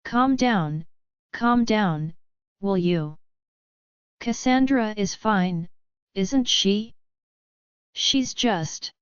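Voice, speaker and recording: A woman's voice: mid-range voice, extremely slow, pauses often, clear, resonant tone, no room sound, highs cut off. A woman voicing an older, flustered but fatherly emperor who talks in a placating way.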